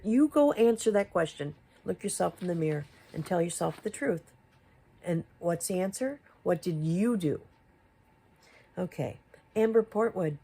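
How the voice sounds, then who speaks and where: A woman with a mid-range voice that's creaky, warm, and edged with breathiness does confrontational commentary on YouTube. She peppers another creator with rhetorical questions, her emphasis growing exasperated.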